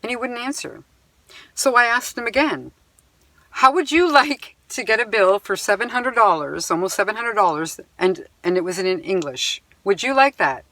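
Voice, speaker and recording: A woman's voice: medium pitch, very animated, moderate pace, pushed and bright, no room sound. Indignant woman venting, dry close sound. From Canada. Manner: indignant, emphatic retelling with sighs; reads items off a bill. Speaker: vlogger. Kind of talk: upset personal account to camera.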